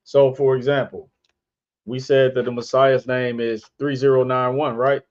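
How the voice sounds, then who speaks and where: Teaching scripture informally over a screen share, this podcast host spells words letter by letter and keeps throwing rhetorical questions at his audience. He speaks at a moderate pace, medium-pitched and a little mellow, with little pitch movement, and the stream sounds dull and lo-fi.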